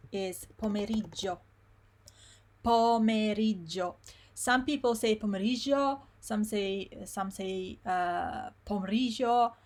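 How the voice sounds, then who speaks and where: A woman teaching pronunciation in a live online lesson, repeating words slowly syllable by syllable. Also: medium pitch, pushed and bright. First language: Italian. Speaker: Italian teacher.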